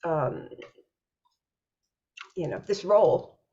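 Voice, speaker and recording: A woman hosting an interview, reflecting on her guest's story in a measured way. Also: on the low side, lively intonation, mellow. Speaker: podcast host. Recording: dull lo-fi sound.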